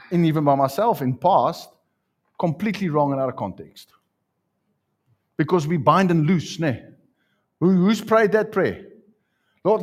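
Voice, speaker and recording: Animated husky-voiced male preacher. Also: fairly high pitch. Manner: animated storytelling with live demonstration. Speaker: pastor. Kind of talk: sermon. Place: church before a congregation.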